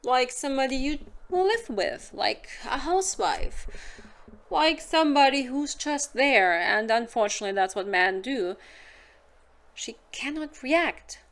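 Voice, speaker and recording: A German woman with a German accent speaks frankly and casually to the camera as a hypnotist and sex advisor, acting out little scenes in silly voices. Her voice is high-pitched and a bit bright, with lively intonation and an unhurried pace. It's casual advice delivered straight to camera.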